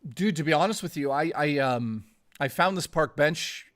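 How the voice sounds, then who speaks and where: A man's voice: a little high, lively intonation, moderate pace, a bit bright. A man streaming live, chatting casually and ramblingly with viewers, swearing often and calling them dude and guys. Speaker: gaming streamer.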